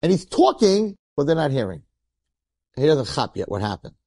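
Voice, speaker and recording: Brief: a rabbi spinning a story from the pulpit, chatty and animated, with a mellow, dry close sound. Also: male voice, on the high side, moderate pace, dry recording. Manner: animated, colloquial, acts out the characters. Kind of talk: storytelling sermon.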